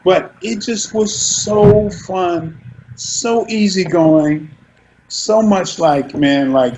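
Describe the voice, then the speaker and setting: A man being interviewed, telling animated stories about his work and often restarting his sentences. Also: high voice, very slow, a little hiss or hum, low-quality recording. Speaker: actor interviewed as guest. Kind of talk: casual interview storytelling.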